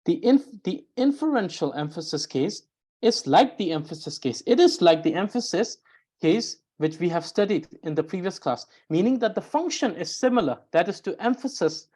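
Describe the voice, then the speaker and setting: A woman teaching a grammar lesson, explaining carefully and often pausing with "uh" to restart a phrase. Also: fairly low pitch, lively intonation, warm tone, slightly rough. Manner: explains slowly with frequent "uh" pauses and restarts; reads out example sentences. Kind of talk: recorded language lesson.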